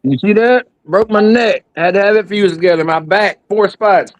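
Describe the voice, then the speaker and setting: A man's voice: high-pitched, moderate pace, no echo, rough recording. A man in his thirties talking heatedly and profanely in casual chat, rambling as he gets worked up. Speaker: guest.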